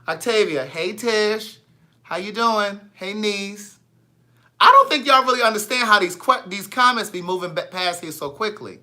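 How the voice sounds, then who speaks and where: A man, an author, chatting casually on a live stream, greeting viewers by name and spelling things out slowly. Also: high voice, sharp tone.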